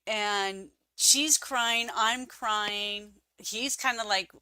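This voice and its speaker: Slow-talking woman with bright tone. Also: clear, resonant tone, no echo. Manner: animated, acts out quoted voices with big pitch jumps. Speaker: guest. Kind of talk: casual interview storytelling.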